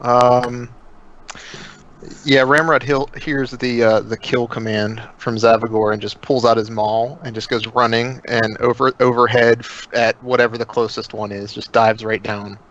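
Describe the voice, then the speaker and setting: A man's voice: mid-range voice, little pitch movement, a little slow, fairly bright tone. A man playing a tabletop game, laid-back and wry, describing his character's moves. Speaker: player. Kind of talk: casual tabletop game play. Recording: dull lo-fi mic.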